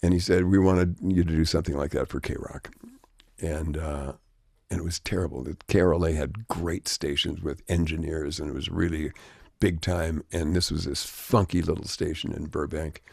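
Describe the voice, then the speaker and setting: An older man with a low, gravelly voice spins rambling stories as a guest, wry and conversational. The sound is close and dry, with no room around it. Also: steady tone, normal speed, darkish tone, dry recording. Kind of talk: anecdotal storytelling.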